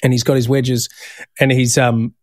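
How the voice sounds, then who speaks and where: A man's voice: medium pitch, normal speed, dry recording, clean studio sound. A man hosting a podcast, telling stories in casual chat and swearing freely. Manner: animated storytelling, swears casually. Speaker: podcast host.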